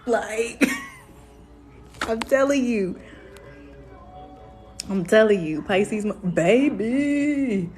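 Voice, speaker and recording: A young woman, hosting a casual astrology live stream in a sassy, animated way. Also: medium pitch, drawn-out words, pauses often, faint music behind. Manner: sassy, animated, calls viewers "baby".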